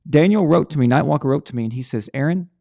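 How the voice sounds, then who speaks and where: Gravelly-voiced man hosting a rambling sports stream. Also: a little high, animated, very fast, warm tone. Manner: rambling, stumbling restarts and repeated words. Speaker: live show host. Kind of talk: casual sports talk livestream.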